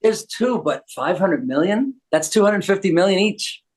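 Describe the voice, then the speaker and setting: Man, older, wisecracking, casual chat, slightly high voice. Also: expressive, normal speed. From United States. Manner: joking, wisecracking. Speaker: guest.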